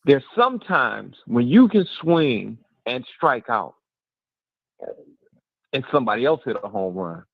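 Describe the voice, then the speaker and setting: A man's voice: medium pitch, unhurried, creaky, pauses often, no room sound, highs cut off. A middle-aged man telling a personal story on a talk radio show, acting out the voices of the people in it. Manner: animated, acts out voices in his story.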